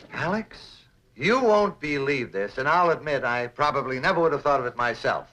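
A man's voice: mid-range voice, animated, unhurried, bright, forceful tone, low-quality recording. An actor playing a playful middle-aged bachelor friend who needles his pal, in 1950s sitcom style. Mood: teasing. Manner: teasing, playful.

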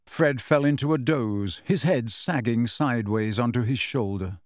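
A man narrating an audiobook in a measured, even storytelling delivery. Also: medium pitch, dry recording, studio quality.

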